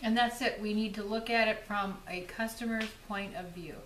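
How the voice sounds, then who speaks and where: A woman's voice: medium pitch, steady tone, normal speed, fairly bright tone, a little hiss or hum. A woman co-hosting a jewelry channel, chiming in agreeably in casual chat. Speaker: co-host. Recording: echoey room.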